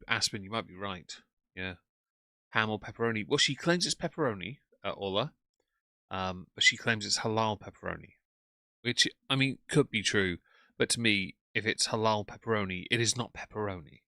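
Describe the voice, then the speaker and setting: A man's voice: fairly low pitch, moderate pace, sharp tone, no echo. A man, commenting bluntly and sarcastically while reading out chat on a live stream.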